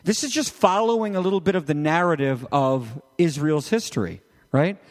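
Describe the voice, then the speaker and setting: A man preaching a sermon in an animated, conversational way, tossing rhetorical questions at the congregation. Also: on the high side, moderate pace. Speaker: pastor. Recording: long reverb of a large hall.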